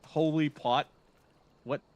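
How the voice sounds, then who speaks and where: A man's voice: a little high, fairly even intonation, takes it slowly, darkish tone, dry recording, muffled recording. A man streaming a game, reacting with incredulous, laughing comments as he plays. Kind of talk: casual gaming stream commentary.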